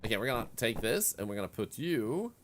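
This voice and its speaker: A man's voice: mid-range voice, sing-song, fast, background noise. A man streaming a video game in casual commentary, chatting and reading the game's text aloud as he plays. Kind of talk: casual let's-play commentary.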